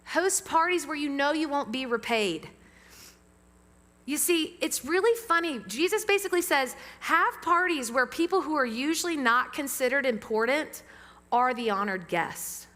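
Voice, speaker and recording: A woman pastor preaching a sermon to a church congregation, lively and engaging them with questions. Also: high voice, moderate pace. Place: church sanctuary with amplified sound. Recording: long reverb of a church hall.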